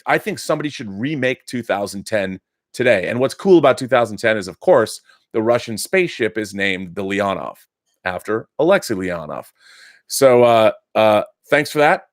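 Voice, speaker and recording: A man's voice: on the low side, no echo, studio quality. A middle-aged man hosting a casual live stream, chatty and enthusiastic, restarting sentences often. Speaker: live show host reading viewer letters.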